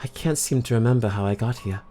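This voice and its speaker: A man's voice: mid-range voice, quick pace, dark tone, slight background noise, lightly acted. A man voicing Alice, a young woman, with a put-on British accent, talking to herself as he reads game text in character. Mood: puzzled. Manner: mock-British, talks to herself.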